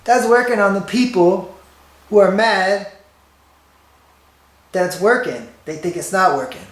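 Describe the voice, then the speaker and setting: A blustering, insistent male president impression, as a man puts it on, hammering the same phrase over and over. The voice sits a little higher than usual and rings in a roomy space. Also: unhurried. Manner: rambling, repeating itself insistently. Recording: roomy echo.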